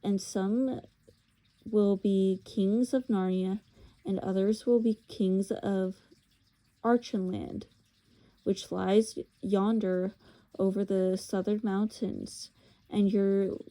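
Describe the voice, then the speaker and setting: A woman voicing a wise, noble lion who speaks gravely and formally. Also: mid-range voice, fairly even intonation, slow pace, dark tone. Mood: solemn. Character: wise noble lion king, solemn and kind.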